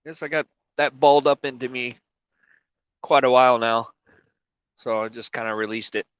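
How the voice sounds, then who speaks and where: This emotional trucker, crying and sniffling on his casual live stream from the truck cab, swears and apologizes in a steady, mid-range voice. The pace is moderate and the tone fairly bright and clean, with no room sound and the highs cut off.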